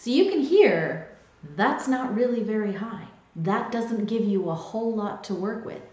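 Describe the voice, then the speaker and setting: A woman vocal coach explaining singing technique in a clear, teaching manner, with sung demonstrations. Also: fairly high pitch, lively intonation, a little slow, darkish tone, dull audio. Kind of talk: singing lesson to camera. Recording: very echoey room.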